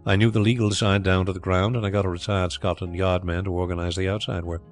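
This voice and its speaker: A man voicing a proud, brisk former solicitor who talks bluntly and bristles quickly. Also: low voice, level tone, faint music behind, natural voice.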